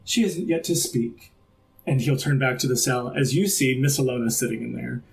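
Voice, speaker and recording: A man game master narrating a tabletop role-playing game, talking in a loose, rambling way packed with fillers. His voice sits at an ordinary middle pitch. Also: moderate pace, creaky, slight background noise.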